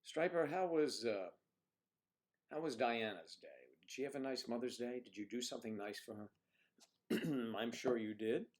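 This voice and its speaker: An older man with a Southern US accent hosting a casual livestream, chatting with viewers in a rambling way and often clearing his throat. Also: medium pitch, normal speed. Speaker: livestream host. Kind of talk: casual livestream chat reading viewer comments.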